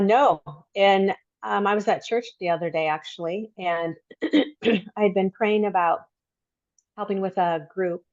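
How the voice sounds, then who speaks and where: A middle-aged woman telling a personal story as a podcast guest, reflective and halting, with many pauses. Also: fairly low pitch, darkish tone, no echo, lo-fi sound.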